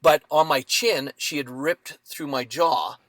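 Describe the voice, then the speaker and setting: A man in his fifties telling a dramatic personal story as a podcast guest, with lively acted-out quotes. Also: fairly high pitch, measured pace, no room sound.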